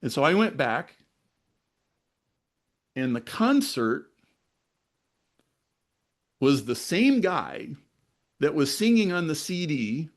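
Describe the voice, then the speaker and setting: A man's voice: medium pitch, measured pace, long pauses. A man telling a personal story to a discussion group, acting out the other people in it. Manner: animated, acts out other people's lines in the story. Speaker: discussion leader. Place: online video meeting.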